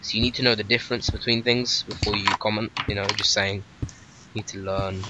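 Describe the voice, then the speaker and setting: A man's voice: fairly low pitch, steady tone, brisk. A man hosting a casual gameplay commentary, bickering with his co-player in a mock-indignant, sarcastic way. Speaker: gaming channel host. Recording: noisy home recording with keyboard clicks.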